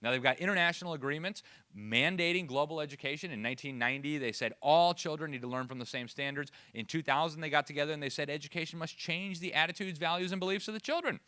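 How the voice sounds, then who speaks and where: A man giving a lively, sarcastic lecture to a live audience. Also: on the high side, fast talker, no room sound. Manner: sarcastic, animated, laughs at own asides. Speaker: speaker at education event.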